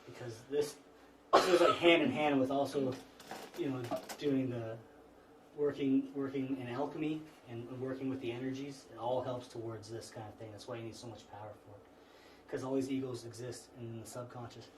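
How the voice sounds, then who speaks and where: A man's voice: medium pitch, normal speed. Man lecturing casually in an echoey room. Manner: relaxed, conversational, frequent restarts and "you know". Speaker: class instructor. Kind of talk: informal spiritual lecture to a small group. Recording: echoey room, mic far off, faint noise.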